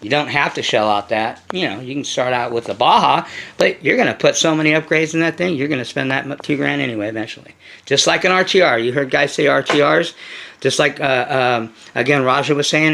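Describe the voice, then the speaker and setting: Gravelly, blunt-talking man ranting. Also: mid-range voice. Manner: blunt and swearing, with filler-heavy restarts and animated asides. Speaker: RC car channel host. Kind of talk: casual vlog rant to viewers.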